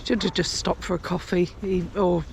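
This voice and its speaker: On a pilgrimage trail through country paths, an older woman rambles casually to camera in a low-ish, level voice at a moderate pace, using many fillers. It's a walking vlog chat with slight background noise.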